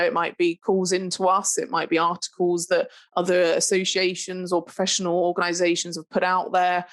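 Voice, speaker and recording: A woman presenting a live training webinar on pest control, chatty, with lots of fillers and restarts. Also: lowish voice. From United Kingdom.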